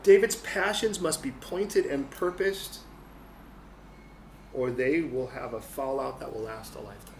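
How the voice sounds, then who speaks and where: A male pastor giving a humorous, animated sermon in a church hall. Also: medium pitch, measured pace. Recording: echoey hall, faint noise.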